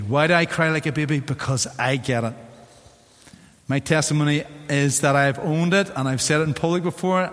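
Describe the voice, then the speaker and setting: A man with a Northern Irish accent preaching a sermon as pastor, in an animated, theatrical way. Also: medium pitch. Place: church sanctuary. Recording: long church hall reverb.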